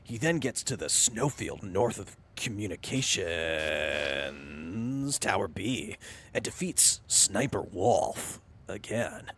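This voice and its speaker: A man doing a mock-serious, measured narrator voice that recaps the story of a video game. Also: on the low side, a bit bright, breathy edge, heavily acted. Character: slow, solemn male game-recap narrator. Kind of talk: parody game summary narration.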